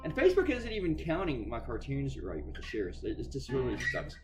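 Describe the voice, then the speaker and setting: A man's voice: mid-range voice, wildly swooping pitch, brisk, over music. A man talking casually while he works, chatty and sarcastic, swearing freely and often restarting his sentences. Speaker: cartoonist talking while drawing. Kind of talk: casual rambling monologue.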